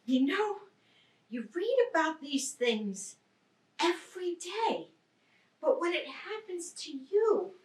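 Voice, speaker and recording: An actress playing a frazzled city wife whose home was just robbed, snapping back with sharp, exasperated retorts in a stage play. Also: female voice, high-pitched, sing-song, takes it slowly, full character voice. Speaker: stage actor. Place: theatre stage. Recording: roomy stage sound from a distant mic.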